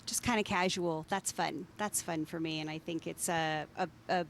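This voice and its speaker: A woman's voice: low voice, steady tone, normal speed, vocal fry, slight background noise. A woman actress answering interview questions, chatty and self-deprecating. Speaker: actress guest.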